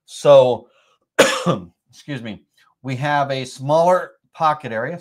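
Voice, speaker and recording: A man's voice: mid-range voice, takes it slowly. Man hosting a woodworking live stream, filler-heavy. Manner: rambling, filler-heavy, self-correcting. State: has a cold, occasional coughs.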